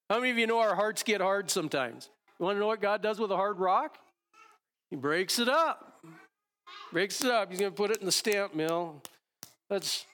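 With a voice that sits high, this middle-aged pastor preaches a sermon. He bursts into lively, animated performances of his prayers and his conversations with God.

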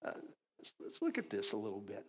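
A man preaching a conversational sermon, often asking "right?" and moving between loud and quiet. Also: lowish voice, wildly swooping pitch, brisk, slightly rough. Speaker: pastor.

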